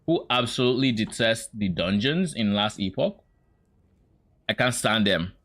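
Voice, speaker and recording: A man's voice: fairly low pitch, lively intonation, normal speed, fairly bright tone. A young man streaming, giving casual, opinionated reaction commentary with hesitant restarts.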